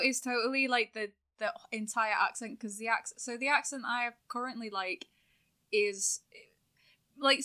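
A woman's voice: fairly high pitch, bright, forceful tone. A woman from North West England with a Scouse-leaning accent, hosting a casual podcast chat and explaining things in a chatty way. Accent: Scouse-leaning Northern English. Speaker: podcast host.

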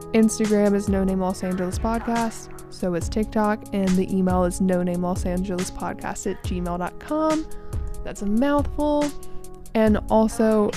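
A young woman hosting a podcast, telling a personal story in a candid, present-tense way. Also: medium pitch. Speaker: podcast host. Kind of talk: storytelling narration.

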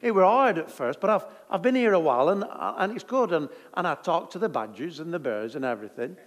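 A man's voice: on the high side, animated, brisk, in a large hall, lightly acted. A man voicing a chatty, complaining male prophet in a comic way, moaning and rambling. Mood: grumbling.

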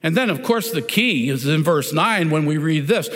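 A pastor preaching a sermon in a church, deliberate and emphatic, often pointing listeners to the text with "notice". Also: male voice, on the high side, animated, fairly bright tone. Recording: long reverb of a large hall.

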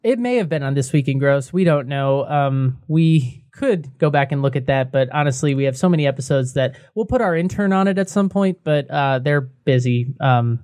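A man's voice: medium pitch, expressive, normal speed, hardly any pauses, a little mellow, no echo, clean studio sound. A young man co-hosting a casual beer podcast, chatty and laughing often. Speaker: podcast co-host. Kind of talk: casual beer review chat.

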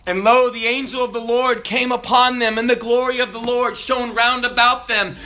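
A man in his forties preaching a sermon, swinging between shouted declarations and low, quiet asides. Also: steady tone, moderate pace. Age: 40s. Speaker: pastor.

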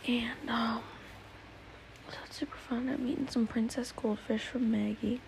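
Gravelly teen girl rambling softly. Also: fairly high pitch, flat delivery, a little slow, noisy background. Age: teens. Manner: rambling, many fillers, often dropping to a whisper. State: tearful. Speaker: podcast host. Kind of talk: solo podcast chat.

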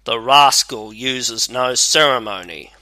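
A man voicing a band of rough robbers who mock and threaten intruders in a storybook reading. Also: medium pitch, slow, bright, forceful tone, no echo. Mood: menacing.

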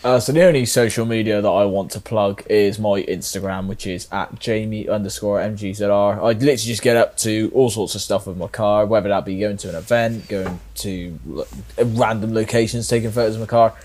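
A man's voice: lowish voice, fairly even intonation, brisk, few pauses, a little mellow. A young man guesting on a car podcast, casual and self-deprecating, laughing easily. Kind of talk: casual chat.

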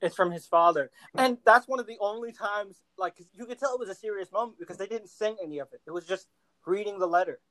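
A man's voice: high-pitched, quick pace, dry recording, rough recording. A man co-hosting a podcast, chatting casually and with feeling, acting out and singing quotes. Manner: animated, gushing, sings and acts out quotes. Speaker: podcast co-host.

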